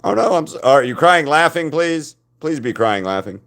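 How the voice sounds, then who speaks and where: A man casually chatting to live-stream viewers while he paints, rambling and self-deprecating, talking to his chat between pauses. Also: a little high, expressive, creaky, a bit bright.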